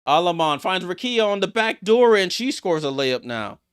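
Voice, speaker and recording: A man hosting a live watchalong stream, calling basketball play-by-play and reacting excitedly to each play. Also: high voice, moderate pace, smooth. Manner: excitable, rattles off passes, reacts aloud. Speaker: watchalong host.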